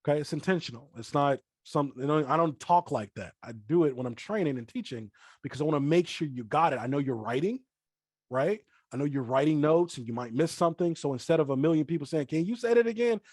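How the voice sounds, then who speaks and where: A man's voice: fairly high pitch, fast, darkish tone, no room sound, clean studio sound. A middle-aged man leading a live online trading class, talking to the chat and repeating points on purpose as a teaching tool. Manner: repeats himself on purpose, addresses chat directly. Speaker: forex trading trainer. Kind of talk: live online training call.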